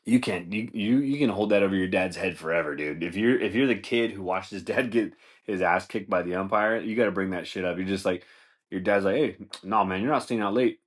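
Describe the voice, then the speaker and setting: A man's voice: deep voice, a little fast. A man hosting a comedy podcast, rambling loosely through stories, swearing and laughing, saying dude a lot. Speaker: podcast host.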